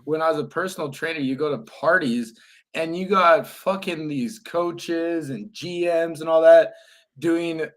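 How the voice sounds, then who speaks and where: A man's voice: fairly high pitch, measured pace. A young man co-hosting a casual podcast, blunt and emphatic, swearing constantly as he lectures with motivational drive. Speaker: podcast co-host.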